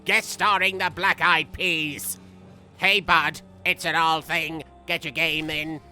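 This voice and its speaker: A man voicing a goofy, unhinged young male villain as he comments on a game, rambling through silly jokes with sudden shrill outbursts. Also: level tone, slow, bright, forceful tone, soft background music, exaggerated voice. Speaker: gameplay commentator. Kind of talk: comedic let's-play commentary.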